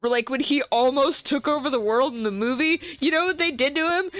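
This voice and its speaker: A woman's voice: sits high, fairly quick, fairly bright tone, no echo, soft background music. A woman streaming while she draws, chatting casually, laughing and swearing now and then into a desk mic without a pop filter. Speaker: art streamer. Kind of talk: casual chat while drawing.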